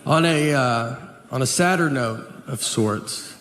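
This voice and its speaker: A male stand-up comedian with a mid-range voice and an understated, deadpan delivery. His stories wander along with lots of filler words. He is on a handheld mic on a theater stage, and there is a long hall echo with clear audience noise behind him. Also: medium pitch, slow pace. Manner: deadpan, rambling storytelling with many fillers.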